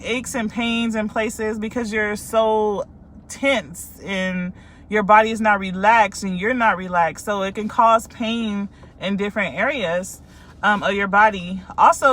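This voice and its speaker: A woman's voice: medium pitch, unhurried, fairly bright tone. A woman life coach from California, talking casually and candidly to her followers about her own experience, with many ums and likes.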